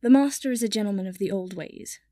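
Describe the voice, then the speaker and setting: A woman's voice: medium pitch, fast, warm tone, dry recording, studio quality, lightly acted. A woman voicing a dour old male house-elf servant who speaks primly and formally about himself in the third person.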